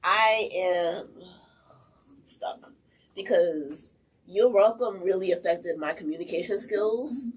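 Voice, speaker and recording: A woman's voice: on the low side, takes it slowly. A woman co-hosting a radio talk show, telling stories in casual chat, acting out quotes and laughing often. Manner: animated storyteller, acts out quotes, laughs often. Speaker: radio co-host. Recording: distant mic, faint room noise.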